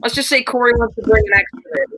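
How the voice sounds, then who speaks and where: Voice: medium pitch, fairly even intonation, racing, a loud crowd. A young person chatting in a casual group call, teasing others and rambling through lists.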